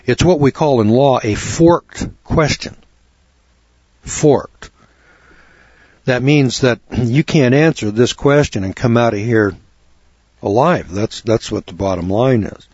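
A man telling a folksy, animated story in a lecture, acting out both sides of a conversation. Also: mid-range voice, slow pace, long pauses, no room sound, dull audio. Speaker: speaker on law and scripture.

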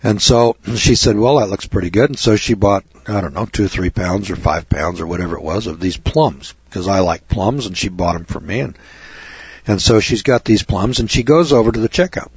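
A man's voice: lowish voice, moderate pace, husky, no room sound. A man talking as a show host, telling a long rambling story in an indignant, repetitive, chatty way. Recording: dull lo-fi recording.

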